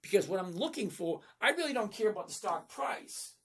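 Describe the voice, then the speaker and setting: A middle-aged man's high-pitched, slightly rough voice comes across very animated and a little fast. Hosting a live stream, he answers viewer chat about trading bluntly and folksily, keeping it casual and often asking "okay?"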